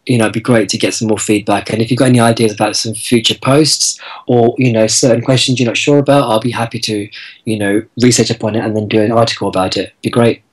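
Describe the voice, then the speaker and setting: A man's voice: on the low side, little pitch movement, fast talker, slightly rough, rough recording. A man speaking as a guest in a casual interview, earnest and thoughtful, restarting his words now and then. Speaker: guest blogger.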